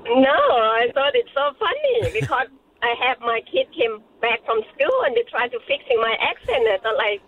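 A woman from Thailand with a Thai accent, calling in to a radio show and speaking in halting, non-native phrasing. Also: on the high side, very animated. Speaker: caller. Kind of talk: radio call-in chat. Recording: tinny phone line with crowd noise.

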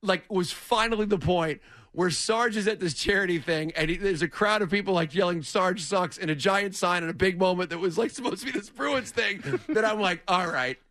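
Guy on sports radio rambling thru a story, high voice, lots of likes, studio mic. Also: fairly quick, fairly bright tone, no echo. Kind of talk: casual chat, storytelling.

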